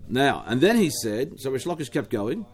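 A man's voice: medium pitch, very animated, normal speed, a little mellow. Australian man teaching a Talmud class. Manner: explanatory, with frequent restarts and asides.

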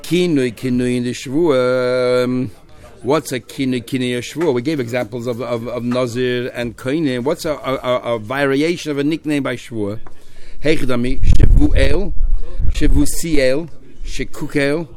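Man, Talmud teacher, mid-pitched voice, talks through text with restarts and Hebrew terms. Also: steady tone, normal speed, darkish tone. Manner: explains in a Yeshivish mix of Hebrew and Aramaic terms with English, with many restarts. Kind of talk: Talmud class lecture.

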